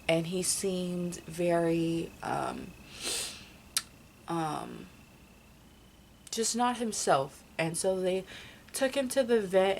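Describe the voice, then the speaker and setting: A woman's voice: on the low side, slight background noise. A young woman telling a personal story in a casual vlog, rambling with many fillers and restarts. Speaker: vlogger.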